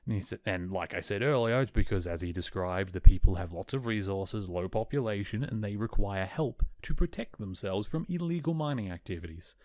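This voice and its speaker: A man's voice: lowish voice, expressive, a little fast, hardly any pauses, a little mellow, dry recording, studio quality. A man hosting a podcast, chatting casually and enthusiastically as he recaps an episode, often correcting himself as he goes. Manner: chatty, enthusiastic, self-correcting, laughs now and then. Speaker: podcast host.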